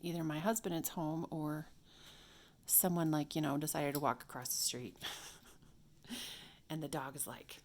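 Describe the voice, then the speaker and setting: A woman's voice: low-pitched, fairly even intonation, normal speed, pauses often, a little mellow, a little hiss or hum. Chatty woman demonstrating a craft. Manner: chatty, talks to herself while working, drops to whispers. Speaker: craft video host. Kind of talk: casual hands-on tutorial. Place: home craft room.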